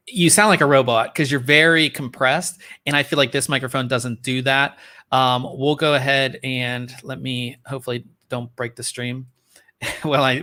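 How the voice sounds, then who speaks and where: A man hosting a casual tech podcast, talking in a relaxed, rambling way with frequent ums and restarts, recorded on a studio podcast microphone. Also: medium pitch. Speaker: podcast host.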